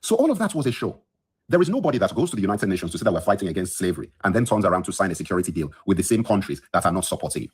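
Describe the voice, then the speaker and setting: A man's voice: low voice, big pitch swings, rapid-fire, husky. A man hosting a podcast, ranting heatedly into his phone from his bedroom, just woken up, indignant and emphatic and repeating lines for effect. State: just woke up. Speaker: podcast host. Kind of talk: heated solo livestream rant.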